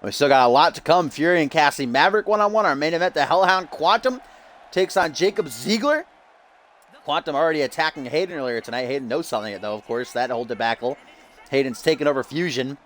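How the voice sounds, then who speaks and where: A man's voice: fairly high pitch, lively intonation, quick pace, a bit bright, slight background noise. A man streaming a game, giving hyped-up, loose wrestling-show commentary full of casual asides. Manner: upbeat hype, loose and casual with frequent "uh".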